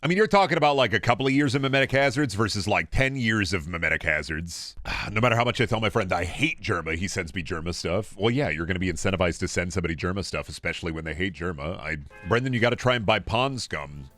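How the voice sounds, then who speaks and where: A man's voice: deep voice, fast, few pauses, fairly bright tone, no echo. A man streaming and chatting casually with his viewers, joking, rambling and swearing freely. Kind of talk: casual livestream chat.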